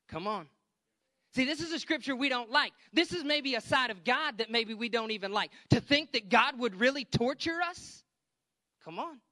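High bright-voiced preaching man. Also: dry recording. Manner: preaching with emphatic calls to the congregation. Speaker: pastor. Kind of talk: sermon.

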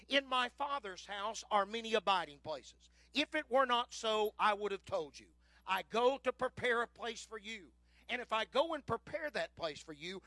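A man preaching a sermon with emphatic delivery, rising and falling in loudness and slowing into scripture readings. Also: high-pitched, no room sound, low-quality recording.

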